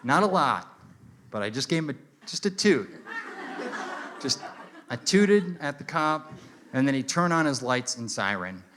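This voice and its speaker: Bright-voiced male stand-up comedian. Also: medium pitch. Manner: animated, acts out characters in quick voices. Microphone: handheld stage mic.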